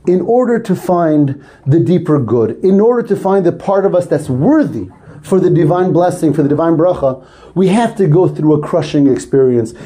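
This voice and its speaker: A man's voice: on the high side, dark tone. A man, a rabbi, giving a sermon with earnest storytelling and rising emphasis on key words.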